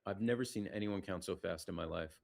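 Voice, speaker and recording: A man calling a live board game match in a low, gravelly voice. He keeps it casual and chatty, reading out viewer shout-outs between moves. He stays hushed so the players nearby can't hear him. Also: a little fast. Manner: lowers his voice to stay quiet near the players. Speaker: play-by-play commentator. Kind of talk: live backgammon commentary.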